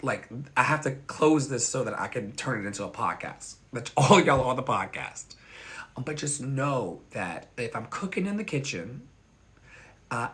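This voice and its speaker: Man, online pastor, casual livestream chat, candid, profane, laughs often, swooping pitch. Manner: candid, animated, swears freely, laughs often.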